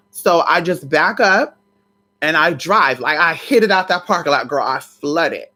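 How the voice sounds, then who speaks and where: Low-voiced woman telling a casual story. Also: normal speed, pushed and bright. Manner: chatty, colloquial, addresses viewers directly; swears casually. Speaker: vlogger.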